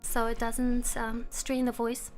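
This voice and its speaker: High-voiced woman chatting on a livestream. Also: slow pace, soft background music. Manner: chatty and relaxed, laughs often, talks to her chat. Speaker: live streamer. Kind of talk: casual live-stream chat. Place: room at home.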